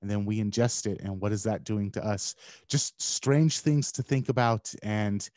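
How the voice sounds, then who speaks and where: Reflective man with a mellow, dry voice. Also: on the low side, fairly even intonation, no room sound. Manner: reflective, hesitant, with halting pauses. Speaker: podcast co-host. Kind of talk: casual podcast conversation.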